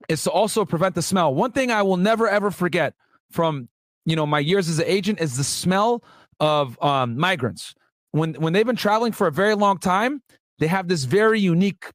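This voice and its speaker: A man's voice: fairly high pitch, dry recording. A man and former federal agent telling a story in a casual vlog, reading out court transcripts with slangy asides to his viewers. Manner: chatty, addresses viewers as guys, slangy asides.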